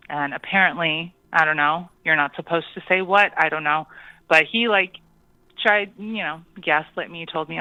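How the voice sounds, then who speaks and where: Pausing often and saying um, a caller to a radio show tells a spooky story from their own life. The voice is middling in pitch with fairly even intonation and a clean tone, though it sounds dry and muffled like a dull phone line, without echo.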